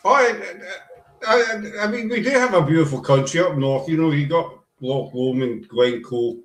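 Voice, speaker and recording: A man's voice: fairly high pitch, lively intonation, moderate pace, reverberant. A Scottish man hosting a show, chatting casually and rambling a little. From Scotland. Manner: chatty, rambling, uses "aye" and "wee". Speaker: podcast host. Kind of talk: casual chat.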